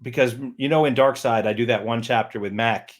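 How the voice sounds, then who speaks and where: Animated man telling a story. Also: medium pitch, a little fast. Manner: animated, repeats words while thinking. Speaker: author. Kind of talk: casual livestream conversation.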